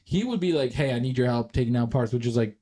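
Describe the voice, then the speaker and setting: Young man, podcast co-host, casual storytelling, animated, swears a lot, acts out quotes. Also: mid-range voice, fast talker, breathy edge.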